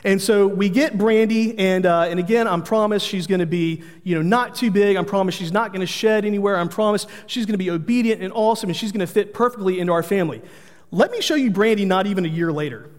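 A man's voice: high-pitched, fast talker, in a large hall. A man, preaching a sermon in an earnest manner, telling family stories with humor. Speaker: pastor.

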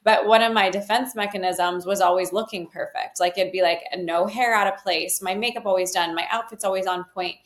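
A woman's voice: mid-range voice, steady tone, brisk, hardly any pauses. A woman guest speaking earnestly in a candid interview, with many "like" fillers. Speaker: guest, healer. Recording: roomy echo.

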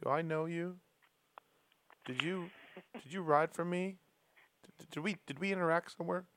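A puzzled older team boss murmurs his questions in a low, soft voice, as a man imitates him. The sound is dry and close. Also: steady tone, moderate pace, dry recording, low-quality recording.

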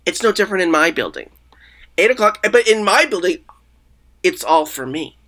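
A man's voice: sits high, big pitch swings, normal speed, bright, forceful tone. A man as a comedic podcast guest in an improvised interview, rambling, stammering and justifying himself.

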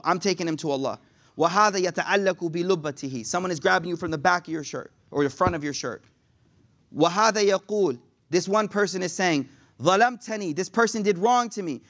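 Fast, high-voiced male preacher. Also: fairly bright tone. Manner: conversational, slangy, quotes Arabic then translates. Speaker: Islamic preacher. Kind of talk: sermon.

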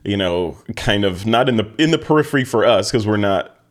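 A man hosting a casual podcast, animated and quick to laugh, often restarting his sentences. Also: fairly low pitch. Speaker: podcast host.

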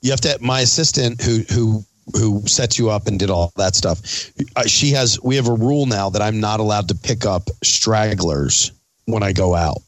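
A middle-aged man telling a story in casual chat, animated and swearing freely as he acts out quotes. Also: lowish voice, normal speed, no echo.

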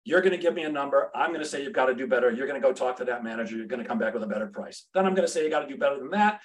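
A middle-aged man, a sales trainer and podcast guest, telling a brash, humorous story and acting out the dialogue. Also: mid-range voice.

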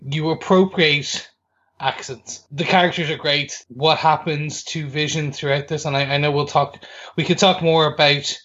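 Lively man, dull lo-fi sound. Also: a little high, normal speed. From United Kingdom. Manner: enthusiastic, acts out reactions. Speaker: podcast co-host. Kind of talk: casual film review chat.

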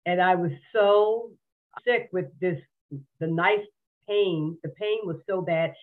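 A woman's voice: on the low side, slow. A woman guest on a podcast, frankly and earnestly telling her own story, often repeating words as she goes. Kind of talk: candid personal interview. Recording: tinny phone-like remote line.

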